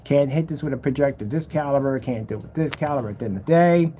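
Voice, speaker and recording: A man's voice: medium pitch, fast talker, dark tone, slight background noise. A man ranting jokingly in a casual commentary, mocking and slangy, laughing often as he exaggerates. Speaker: screen paint seller.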